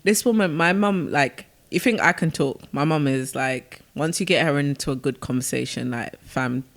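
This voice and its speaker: A woman, co-hosting a podcast and telling lively stories in casual, slangy chat. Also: low-pitched, moderate pace. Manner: animated storyteller with slang, many restarts. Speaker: podcast co-host.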